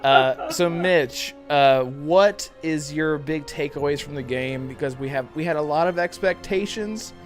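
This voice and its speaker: A man's voice: fairly high pitch, a little slow, hardly any pauses, faint music behind. Chatty laughing male podcast host. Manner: chatty, laughs often, reads chat aloud. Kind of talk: casual podcast chat.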